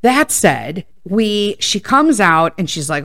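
A woman telling a story on her podcast in a loose, profane rant full of tangents. Her pitch sits mid-range for a woman. The recording is dry and close. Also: big pitch swings, slow, few pauses, a bit bright, no echo. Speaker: podcast host.

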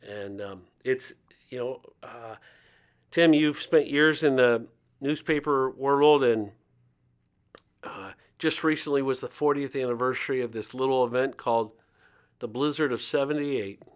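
A man's voice: medium pitch, a little slow, smooth. A man in his fifties from Ohio, a guest telling stories in a conversational interview and acting out the voices of the people he quotes. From Ohio, United States. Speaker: guest speaker on faith and poverty.

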